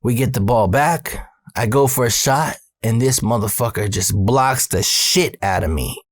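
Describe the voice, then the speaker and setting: A man's voice: medium pitch, unhurried, no room sound. A man in his thirties from Arizona telling a personal story in a casual, profane, slangy way. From Arizona, USA. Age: 30s. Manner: profane, streetwise slang, animated when excited. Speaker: storyteller host.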